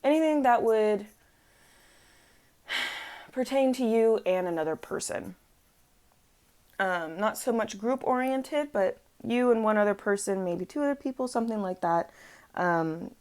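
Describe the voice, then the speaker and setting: With a slightly mellow, fairly high voice and lively intonation, a woman reads tarot at a measured pace, leaving long pauses. It's a casual, rambling chat full of fillers and self-corrections, her dog resting on her lap at home.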